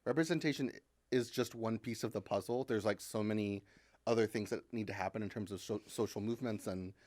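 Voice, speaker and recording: A woman from Kentucky, a comedian and writer, talking as a podcast guest in casual chat. She is animated and self-deprecating, laughs often, and uses many fillers. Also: rumbling low, brisk, dry recording. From Kentucky, USA. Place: podcast studio.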